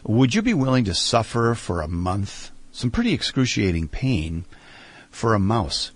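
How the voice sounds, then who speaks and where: A middle-aged man speaking earnestly in an interview, sharing a heartfelt story about faith and slowing down for emphasis. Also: on the low side, sing-song, slightly rough.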